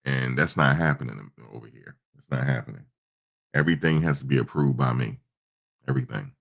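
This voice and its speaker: A man with an extremely deep voice and a gravelly edge talks casually to his live audience. He rambles through stories in a loose, conversational way, now and then acting out both sides of a conversation. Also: brisk, a bit bright. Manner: loose, storytelling, imitates his mother and himself in quotes. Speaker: show host. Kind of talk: casual livestream talk.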